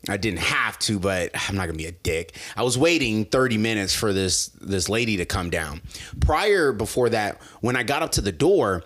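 A man's voice: on the low side, normal speed. A man telling a story in casual chat with friends, laughing often and acting out the people in it. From Los Angeles area. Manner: animated, laughs often, acts out voices in stories.

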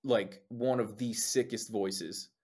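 A young man, a lead singer, chatting casually as an interview guest, an animated storyteller who swears often and acts out what people said. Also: on the low side, takes it slowly, slightly rough. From New Jersey.

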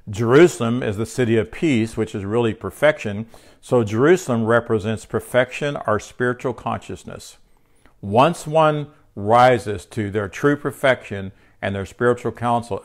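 A man teaching a spiritual lesson from his home, speaking conversationally with fillers and restarts, and sounding tired. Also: on the low side. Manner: conversational, with fillers and self-corrections. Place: home room.

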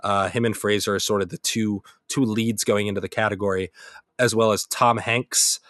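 Casual young male podcast co-host, low voice, loose rambling delivery, dry booth sound. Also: steady tone, normal speed, a bit bright, no echo. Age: young adult. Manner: rambling, self-correcting, laughs easily. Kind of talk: casual film review chat.

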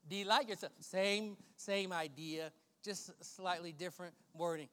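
A male pastor preaching a sermon, swinging between loud emphatic preaching and hushed, prayerful murmurs. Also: sits high, unhurried. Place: church sanctuary. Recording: long church hall reverb.

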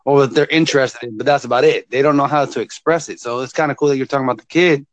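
A man hosting his podcast in casual chat, relaxed and rambling, chuckling as he talks. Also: mid-range voice, rapid-fire. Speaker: podcast host.

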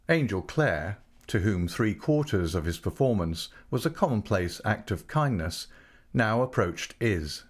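A man narrating a classic novel as an audiobook, with a measured, unhurried literary delivery. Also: on the low side, big pitch swings, breathy edge.

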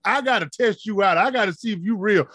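Speaking fast in a high voice, a man preaches a sermon in a passionate, rhythmic style, building to shouted climaxes and dropping to soft asides. There's no room sound.

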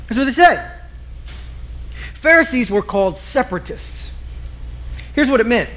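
High-voiced male preacher. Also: fairly quick, pauses often. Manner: lively storytelling, acts out quotes. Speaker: pastor. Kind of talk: sermon.

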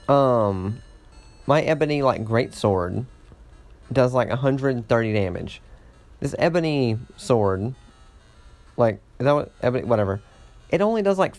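A man narrates his gameplay in a loose, rambling way, cursing freely and chuckling when things go wrong. His voice sits at an ordinary middle pitch. Faint music plays quietly behind him. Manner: rambling, swears often, laughs at himself. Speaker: gamer. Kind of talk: casual let's-play commentary.

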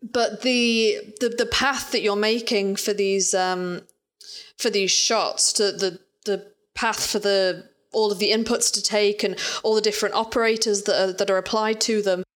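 A woman co-hosts a casual podcast and explains technical visual effects work. Her delivery is patient and explanatory, with dry, wry asides. Her voice sits at an ordinary middle pitch. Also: steady tone, unhurried.

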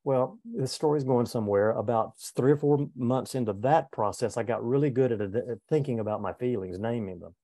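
Man, 70s, former pastor, earnest candid storytelling, mellow voice, dry sound. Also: medium pitch, brisk, few pauses, dry recording. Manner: earnest, candid, with frequent restarts. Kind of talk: reflective personal storytelling in conversation.

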